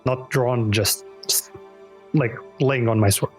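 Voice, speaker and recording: A man's voice: mid-range voice, fairly even intonation, slow pace, faint music behind. A man playing a tabletop game, talking hesitantly and casually. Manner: hesitant, chatty. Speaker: player.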